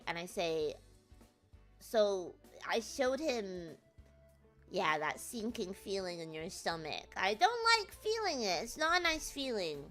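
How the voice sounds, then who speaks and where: A young woman, a streamer, rambling through an animated story with many fillers in casual chat. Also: mid-range voice, measured pace, soft background music. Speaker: VTuber streamer.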